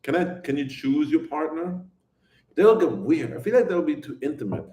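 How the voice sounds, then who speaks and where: A man's voice: fairly high pitch, big pitch swings, moderate pace, mellow. A man chatting casually on a live stream, rambling and oversharing as he answers his viewers' questions and laughs often.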